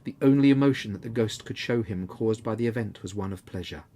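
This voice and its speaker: A man narrating a classic story aloud in a measured, expressive way, with a husky voice. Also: fairly low pitch. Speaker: reader.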